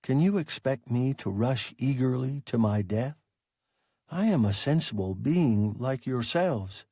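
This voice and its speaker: A man voicing a calm, philosophical, large and sluggish alien creature that speaks in a measured, formal way in an audiobook. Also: medium pitch, slightly rough, no room sound, studio quality. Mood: calm reasoning.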